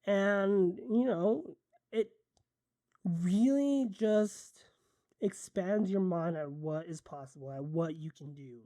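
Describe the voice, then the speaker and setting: Drinking coffee while she talks, a woman who works as a photographer and content creator rambles happily through a casual vlog, frequently fixing her wording mid-sentence. Her voice is lowish, slow, and warm, captured as a clean, dry studio recording.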